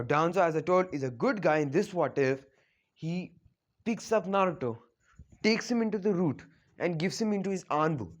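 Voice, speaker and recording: Man, slightly raised pitch, casual storyteller, rambling, fillers, self-corrections. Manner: rambling, full of "like" and "you know", frequent self-corrections. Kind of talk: casual fan-story retelling.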